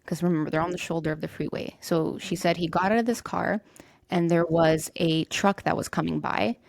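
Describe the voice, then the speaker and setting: A woman's voice: fairly low pitch, steady tone, brisk, creaky, no echo. A young woman hosting a podcast, telling a true-crime story in a loose, conversational way and swearing casually. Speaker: podcast host.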